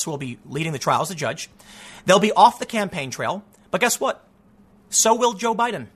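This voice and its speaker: Heated, high-voiced male political ranter. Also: a bit bright. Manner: heated, exasperated ranting with repeated restarts. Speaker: political commentator. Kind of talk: solo political commentary.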